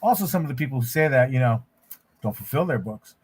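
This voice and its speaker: Relaxed rambling male streamer. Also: medium pitch, fast, husky. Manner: rambling, relaxed, frequent restarts. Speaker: livestream host, artist. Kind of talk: casual livestream chat while drawing.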